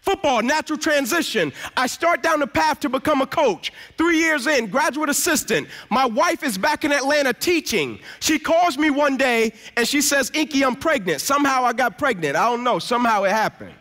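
A man with a very high, bright, ringing voice delivers a motivational sermon in a church. He tells his story emphatically, dropping into quieter tones to act out the other people in it. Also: expressive, normal speed, hardly any pauses. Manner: emphatic storyteller, acts out quoted dialogue. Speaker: guest speaker.

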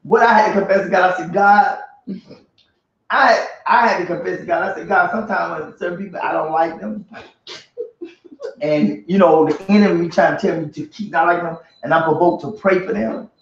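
A man's voice: high-pitched, fast talker, few pauses. A man preaching at a Bible study in a colloquial, emphatic style, often laughing as he makes his points. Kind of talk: sermon. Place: church room. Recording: echoey distant lo-fi church recording.

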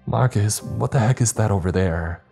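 A scared young woman in a horror storybook, pleading and on the edge of tears, as a male narrator raises his voice to play her. The tone stays dark and mellow beneath the fear. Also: on the low side, moderate pace, vocal fry, soft background music, voice pushed up. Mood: frightened. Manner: pleading, fearful.

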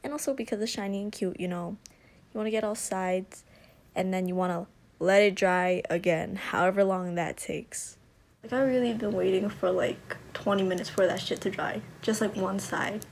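A woman's voice: mid-range voice, fairly even intonation, moderate pace, creaky, a little hiss or hum. A young woman talking through a craft tutorial in a casual, profane, chatty way, a little out of breath from talking close to the mic. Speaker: vlogger. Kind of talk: casual DIY tutorial voice-over.

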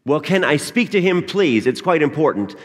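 A man's voice: a little high, sing-song, normal speed, pitched above the performer's own voice. A man voicing a puzzled, anxious company boss who fires off rising, alarmed questions, in a story told within a sermon. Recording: long church reverb.

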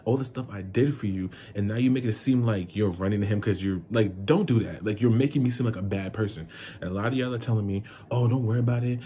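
Young man, low voice, mellow tone, indignant storytime rant, faint background hum. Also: quick pace. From New York. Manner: heated, indignant, talks straight to the listener. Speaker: vlogger.

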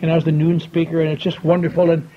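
A man's voice: fairly high pitch, level tone, fast talker. An older man telling a wry, folksy story to a convention audience, acting out the dialogue he quotes. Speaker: speaker at a recovery convention. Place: large convention hall. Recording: dull lo-fi tape with faint hiss.

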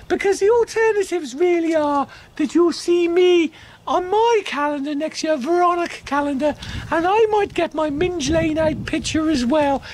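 A man voicing a vain, flirty female supermodel in a comic character monologue, cooing and giggly with drawn-out oohs. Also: very high-pitched.

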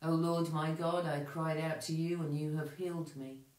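A man leading morning prayer, reading psalms and scripture in a measured, steady way. His voice sits a little high for a man. The room rings with echo around him. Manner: measured, steady reciting with small self-corrections. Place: church. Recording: echoey room.

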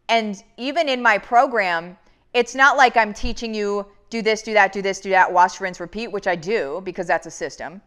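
A woman's voice: mid-range voice, fairly bright tone, clear, resonant tone. A woman business coach giving an earnest motivational talk to her audience, often calling them "you guys" and restarting her sentences as she goes. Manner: rambling with many restarts.

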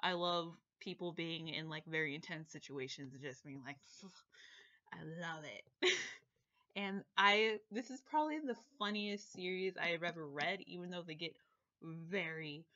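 Woman, book vlogger, bright tense voice, animated rants, slightly dull lo-fi recording. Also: lowish voice. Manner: animated, quick bursts, swears and exaggerates. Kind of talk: casual chat to camera.

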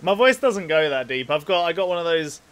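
A man's voice: a little high, big pitch swings, fairly quick, a bit bright. A young man with a nasal voice streaming a video game, chatting casually with his chat, swearing freely and rambling while he plays. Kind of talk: casual let's play commentary with chat.

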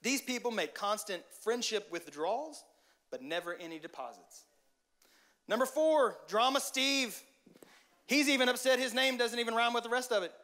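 A man giving a relaxed, conversational sermon with a notably high voice. He jokes and addresses the listeners directly, with lively energy. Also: normal speed. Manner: lively, joking, talks straight to the audience. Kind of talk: casual sermon.

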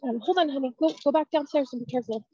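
A woman's voice: high voice, very fast, dark tone, dull audio. A woman giving a fervent, emotional testimony and prayer over a video call. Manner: fervent, emotional, praying aloud. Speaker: prayer group participant.

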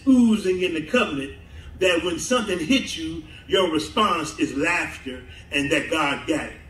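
In a church sanctuary, a Southern U.S. pastor delivers his sermon in a high, fairly bright voice, never hurrying. The congregation answers him in call-and-response, he laughs frequently, and the mic picks it all up from afar with a hall's echo.

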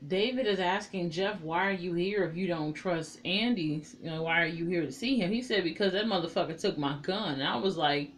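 A woman recapping a TV episode in a casual, animated way, swearing often and talking back to the characters. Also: fairly low pitch, brisk, few pauses, a little hiss or hum. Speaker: TV episode reviewer.

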